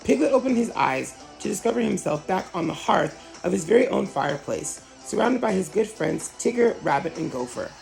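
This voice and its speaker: A channel host reading a children's storybook aloud with expressive narration. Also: mid-range voice, fairly quick, vocal fry, few pauses, faint music behind, poor audio. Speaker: storybook reader.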